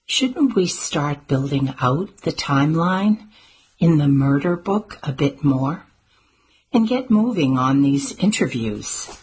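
A woman voicing a wry, sharp-tongued grandmother with dry, teasing quips in an audiobook. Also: low-pitched, animated, slow, husky, heavily acted, poor audio. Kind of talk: audiobook character voice.

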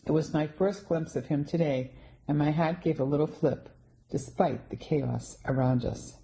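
A woman narrating a first-person story in a steady, scripted storytelling delivery. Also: low-pitched, moderate pace, low-quality recording. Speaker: audiobook narrator.

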